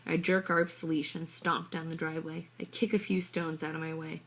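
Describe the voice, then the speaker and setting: A woman reads a children's story in the first person, her voice low, soft and even. There is a gravelly fry at the ends of her phrases, and a husky breathiness runs through her voice. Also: moderate pace. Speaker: audiobook reader. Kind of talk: storybook narration.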